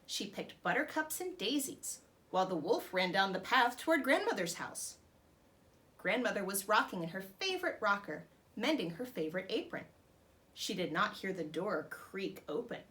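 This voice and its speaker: A woman hosting a princess storytime, reading a children's storybook aloud in an expressive, animated manner. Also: mid-range voice. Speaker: storytime host dressed as a princess.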